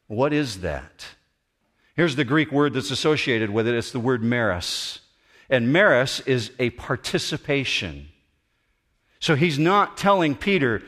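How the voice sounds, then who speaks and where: A man preaching a sermon as pastor, animated and acting out the voices he quotes. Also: mid-range voice, measured pace. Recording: long hall reverb.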